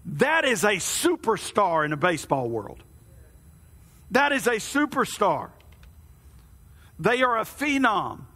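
A man's voice: sits high, very animated, slow, long pauses, sharp tone. A man preaching a sermon as pastor, folksy and conversational, asking his congregation questions. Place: church hall. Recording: long reverb of a church hall.

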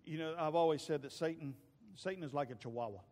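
A male pastor preaching a sermon, telling stories with acted voices and occasional shouts. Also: a little high, quick pace, in a large hall. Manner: storytelling preacher acting out voices, shouting at peaks. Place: church sanctuary.

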